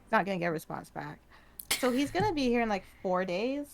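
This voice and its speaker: A woman's voice: mid-range voice, lively intonation, quick pace, creaky, faint music behind. A woman chatting as a player in an online tabletop game, in a playful, giggly way. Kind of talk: casual chat in a tabletop game.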